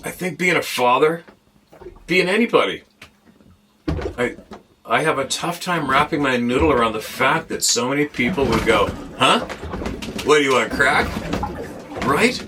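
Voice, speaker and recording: A man's voice: mid-range voice, moderate pace, long pauses, background noise. A man hosting his show, ranting bluntly and with plenty of swearing, talking from a boat. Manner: blunt, profane and exasperated. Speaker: host. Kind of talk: ranting monologue to camera.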